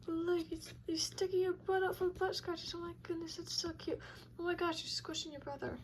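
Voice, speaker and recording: A woman breeder talking to her kittens in a cooing, babying way, often dropping to a hush. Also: very high-pitched, little pitch movement, brisk, slight background noise, poor audio. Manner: cooing baby talk, soft and hushed at times. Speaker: cat breeder. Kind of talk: casual talk to kittens.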